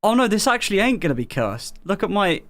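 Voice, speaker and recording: A man's voice: high-pitched, big pitch swings, fast talker, a bit bright. An English man hosting a live music stream, chatting casually, rambling with fillers and laughing often. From England.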